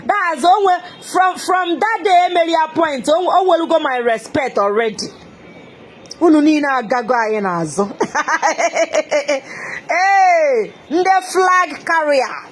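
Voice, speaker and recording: A woman's voice: high voice, expressive, measured pace. A woman with an Igbo Nigerian accent ranting on a live stream, taunting and laughing, repeating her jabs. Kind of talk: mocking live-stream rant mixing Igbo and English.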